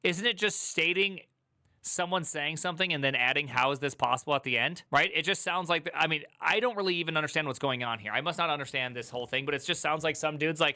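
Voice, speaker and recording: A man's voice: fairly high pitch, sharp tone, no echo. A man on a tech stream reading an article aloud and breaking off into joking asides. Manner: reads aloud with quick asides and joking rants. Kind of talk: casual reaction stream.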